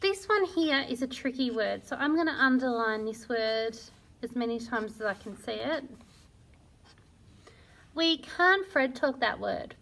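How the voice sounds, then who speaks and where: Woman teacher sounding out words slowly. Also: on the high side, expressive, gravelly, a bit bright. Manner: slow, sounding out words syllable by syllable; encouraging and praising. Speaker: primary school teacher. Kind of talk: phonics lesson for young children.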